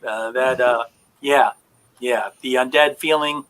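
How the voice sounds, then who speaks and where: A man's voice: mid-range voice, steady tone, takes it slowly, fairly bright tone, a little hiss or hum, poor audio. A man narrating as game master of a tabletop horror game, describing scenes with frequent fillers.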